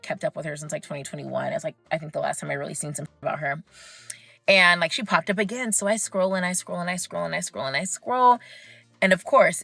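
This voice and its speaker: A woman's voice: on the low side, vocal fry, sharp tone, dry recording. A young woman ranting casually about someone online, talking in an emphatic, chatty way and stretching out words for stress. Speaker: commentator. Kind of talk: casual opinion rant.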